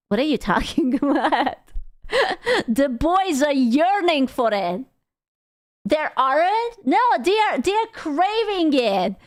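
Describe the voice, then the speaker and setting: A woman's voice: high voice, no room sound. A young woman streamer giving casual, rambling reaction commentary, swearing freely and sounding exasperated. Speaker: VTuber streamer.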